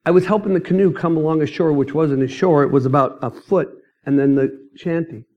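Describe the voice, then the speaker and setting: Preaching his mission testimony, a middle-aged man tells his story with emphasis, punctuated by abrupt loud outbursts. He speaks fairly quickly in a voice on the high side, and the high frequencies are cut off.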